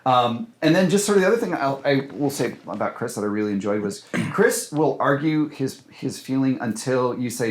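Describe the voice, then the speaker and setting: A man's voice: medium pitch, normal speed, hardly any pauses, a little hiss or hum. A man, a film director, talking casually in an interview, full of fillers and restarts. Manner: animated, many fillers and restarts. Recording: roomy echo.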